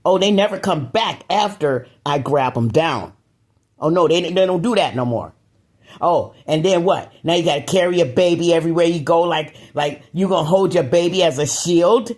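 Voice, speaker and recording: Woman vlogger, talking straight to camera, gets riled up and emphatic, leans on repetition. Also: normal speed. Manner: excitable, emphatic, swings between low muttering and raised outbursts; repeats words for emphasis. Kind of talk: casual monologue to camera.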